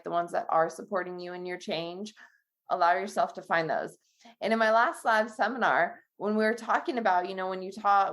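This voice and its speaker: A woman trainer appearing as a podcast guest, giving earnest, encouraging advice and sometimes speaking bluntly. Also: medium pitch. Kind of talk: casual podcast conversation.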